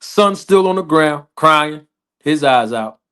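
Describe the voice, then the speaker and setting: Slow, deliberate storytelling man. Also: a little high, expressive, pushed and bright, smooth. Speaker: podcast host.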